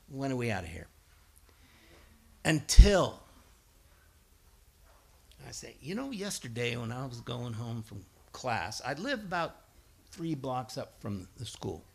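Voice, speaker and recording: A middle-aged man giving a sermon, telling stories and acting out voices, building to emphatic peaks. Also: a little high. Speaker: guest preacher and schoolteacher.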